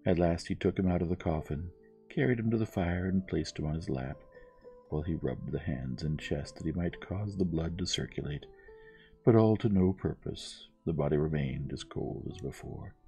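A man reading a bedtime story aloud in a calm, measured, gentle narration. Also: deep voice, vocal fry, soft background music.

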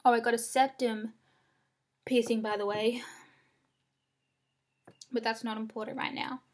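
A woman's voice: a little high, level tone, measured pace. A young woman venting to the camera about failing, upset, rambling and frank, swearing often, recorded at close range in a small room. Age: young adult. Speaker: vlogger.

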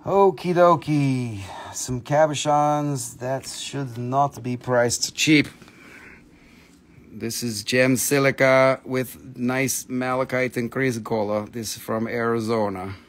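A man's voice: mid-range voice, steady tone, takes it slowly. A man hosting a live gemstone sale stream, calling out prices in blunt, casual patter and swearing freely.

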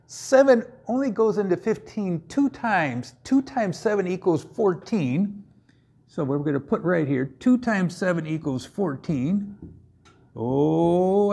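A man's voice: on the high side, a little mellow. A man teaching a playful math lesson, cracking jokes and breaking into sing-song bits between steps. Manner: goofy, jokey, sings and puts on silly voices.

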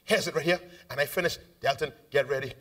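A man with a Bahamian accent preaching a live sermon in a church auditorium. He is fervent and calls out to the congregation, moving between shouted lines, sung phrases and quiet asides. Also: medium pitch, fast, far from the mic. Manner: call-and-response with the congregation. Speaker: bishop preaching. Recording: live church recording, voice off-mic.

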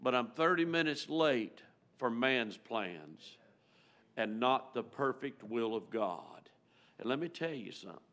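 A man preaching a storytelling sermon in a church, folksy and emotional, rising loud and dropping to a near-hush. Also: medium pitch. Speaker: guest preacher. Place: church sanctuary.

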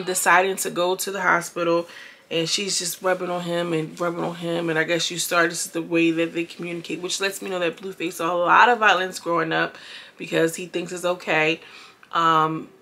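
A woman's voice: fairly low pitch, steady tone, moderate pace, bright, forceful tone. A woman casually reviewing a reality show from home, chatting directly to her viewers with blunt, opinionated commentary.

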